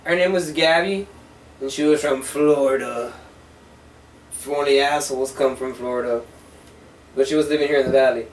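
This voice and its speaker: A man's voice: mid-range voice, moderate pace, long pauses. A man in his twenties telling rambling, profane stories in casual chat with a friend. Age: 20s. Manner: rambling, profane, animated retelling. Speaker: co-host. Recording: echoey room from far off, faint hiss.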